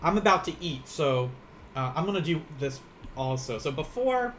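Casual male streamer-teacher, 30s, slightly high voice, rambling and laughing, faint background hiss. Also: very animated, normal speed. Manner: chatty, rambling, laughs often, eats while teaching. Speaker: Japanese teacher. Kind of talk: casual live-streamed language lesson.

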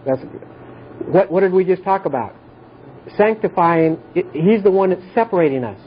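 A man with a high-sitting voice and lively intonation leads an informal Bible study at a normal speed, earnestly repeating his points and often checking whether listeners understand. The audio is tinny and phone-like, with a little hiss or hum.

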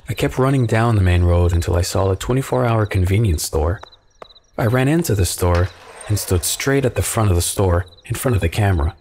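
A man calmly narrating a first-person horror story from a script. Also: on the low side.

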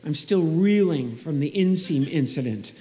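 Animated stand-up comedian man. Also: a little high, measured pace. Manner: animated storytelling, acts out other people.

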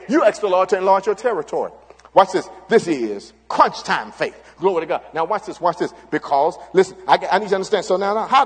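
A middle-aged pastor delivers a fervent sermon, circling back to the same catchphrases again and again. His voice sits high and a little husky. It rings with the long reverb of a church hall. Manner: fervent, repeats catchphrases and interjections. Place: church sanctuary.

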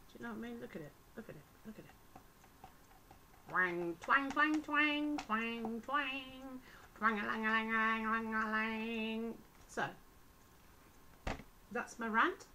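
A woman rants into the camera with chatty sarcasm and plenty of exasperation. She talks at an unhurried, drawn-out pace, with a faint hiss of noise behind her voice. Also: mid-range voice, fairly bright tone, rough recording. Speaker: vlogger; teacher. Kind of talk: casual ranting vlog.

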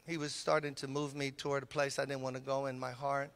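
A man's voice: medium pitch, fast talker, few pauses. An older man from Brooklyn, a pastor telling a story in a sermon and acting out the voices in his conversations. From Brooklyn, New York. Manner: animated, acts out both sides of conversations. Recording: long hall reverb.

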